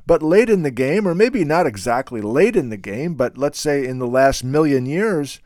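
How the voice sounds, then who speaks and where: A man hosting a casual, unscripted talk about geology. He speaks in an emphatic, animated and opinionated way. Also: a little high, moderate pace, no room sound, clean studio sound. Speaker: host.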